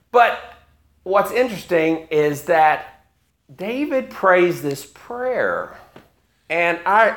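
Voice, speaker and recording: A man's voice: a little high, fairly bright tone. A man in his fifties preaching a sermon, retelling a story with wry asides. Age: 50s.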